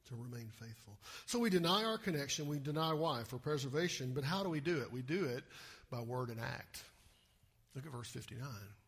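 A male pastor giving an animated sermon and often asking the listeners rhetorical questions. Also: medium pitch, vocal fry, slightly rough.

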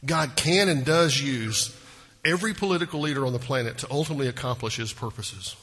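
A man's voice: medium pitch, fairly quick, a bit bright. A male pastor preaching a sermon with emphasis and rhetorical questions, recorded in a church sanctuary. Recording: long reverb of a large hall.

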